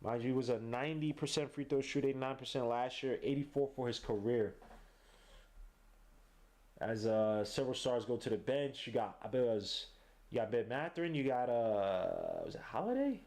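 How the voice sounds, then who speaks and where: Excitable man calling a game live. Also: medium pitch, a little fast. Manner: excitable, slangy, bursts into shouts at big plays. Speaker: podcast host. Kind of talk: live play-by-play watch-along commentary.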